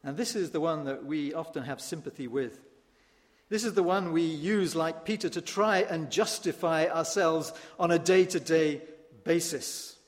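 Animated high-voiced preacher in a reverberant church. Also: male voice, moderate pace. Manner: animated, rising to emphatic peaks with wry asides. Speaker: pastor. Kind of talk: sermon.

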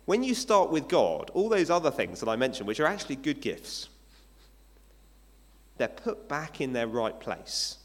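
A man's voice: fairly high pitch, sing-song, normal speed, a bit bright. Conversational male pastor in a reverberant hall. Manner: conversational preaching with rhetorical questions. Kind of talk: sermon.

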